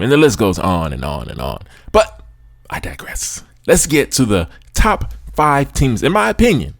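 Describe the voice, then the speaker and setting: A man's voice: sits low, no room sound, clean studio sound. A man hosting a sports podcast, giving chatty, opinionated commentary with frequent asides to his listeners. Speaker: podcast host.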